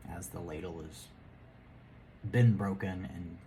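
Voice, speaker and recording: A man's voice: low-pitched, slow pace, mellow, slight background noise. A man giving a rambling, casual tarot reading, laughing and muttering asides to himself. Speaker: tarot reader.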